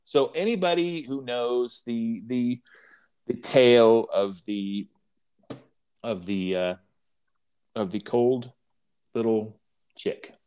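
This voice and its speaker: A man at a middle pitch tells a barnyard parable with a wry, dry humor. He speaks haltingly, restarting his sentences as he goes, in the easy manner of a podcast co-host. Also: darkish tone, clear, resonant tone. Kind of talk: casual conversation and storytelling.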